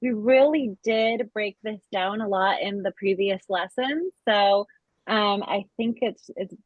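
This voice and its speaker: A woman co-hosting a spiritual lesson, calmly explaining how to practice it. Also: medium pitch, unhurried, dry recording, narrow, tinny audio. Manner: calm, explanatory. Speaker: co-host.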